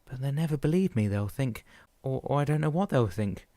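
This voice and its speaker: A man voicing a panicked woman who has lost her husband, pitching his voice up and pleading. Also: fairly quick, warm tone, dry recording, natural voice. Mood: desperate.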